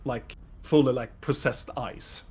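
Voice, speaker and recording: A man narrating as game master of a tabletop game, describing the scene in a halting way with many fillers. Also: medium pitch, steady tone, darkish tone, breathy edge.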